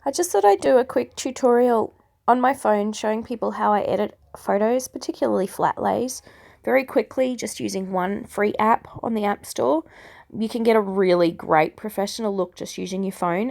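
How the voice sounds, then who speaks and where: A woman in her thirties, croaky from a cold, chatting her way step by step through a phone photo-editing tutorial. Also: medium pitch, a little mellow. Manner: chatty and self-deprecating, explaining step by step. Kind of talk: casual screen-recorded tutorial.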